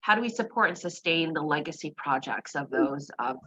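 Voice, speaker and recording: A woman's voice: low-pitched, lively intonation, a little fast, bright, forceful tone, husky, muffled recording. A woman speaking as a candidate in an online meeting, upbeat and reflective, with many fillers. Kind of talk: virtual meeting speech.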